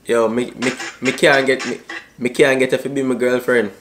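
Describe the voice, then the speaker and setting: A man's voice: mid-range voice, level tone, normal speed, fairly bright tone. Joking young Jamaican man vlogging. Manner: joking, slangy banter. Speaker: YouTuber. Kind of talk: casual vlog chat.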